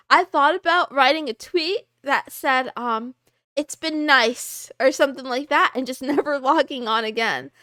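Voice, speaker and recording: A woman live streamer chatting casually and greeting her chat, giggly and excitable. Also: high voice, no echo, clean studio sound.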